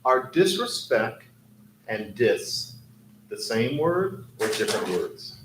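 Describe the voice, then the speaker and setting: A man speaking as a linguist on a discussion panel, putting questions in a lively, precise academic way. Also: mid-range voice, slow. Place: event hall. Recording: roomy hall with faint noise.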